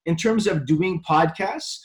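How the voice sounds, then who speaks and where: A man's voice: fairly high pitch, unhurried. A man hosting a podcast interview, asking rambling questions that restart mid-way. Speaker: podcast host.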